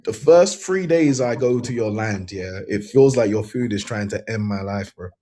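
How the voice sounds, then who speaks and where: A man's voice: on the low side, moderate pace, dark tone, a little hiss or hum. A man from Britain talking easily and joking in a livestream chat.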